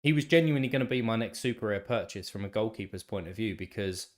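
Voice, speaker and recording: A man's voice: fairly low pitch, expressive, fast. Nasal, tired-sounding man chatting on stream. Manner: rambling, talks to chat viewers by name, many restarts. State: congested, still a bit tired. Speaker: live stream host. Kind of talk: casual live stream chat.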